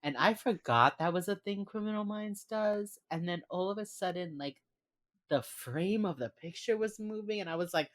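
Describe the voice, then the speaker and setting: Here a podcast co-host recaps a TV episode scene by scene in relaxed conversation, lively acting out each character's lines. The voice is medium in pitch at a moderate pace, and the recording is dry.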